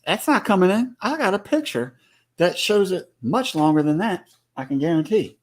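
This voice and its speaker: A man's voice: sits high, expressive, moderate pace. A man co-hosting a live ranch stream, talking casually with teasing asides and restarts.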